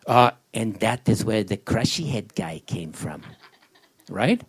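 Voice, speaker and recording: A man with a middle-pitched voice that moves up and down a lot tells wry, rambling stories. He answers questions at a live panel event. He often slips into comic voices along the way. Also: huge pitch swings, unhurried, husky. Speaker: comedy writer and show creator on a panel.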